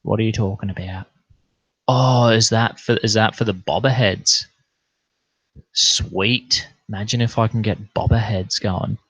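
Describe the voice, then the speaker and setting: A man's voice: fairly low pitch, steady tone, measured pace, a bit bright, husky, no echo. A young Australian man hosting a casual livestream, telling rambling, sweary anecdotes in broad slang and reading out chat comments.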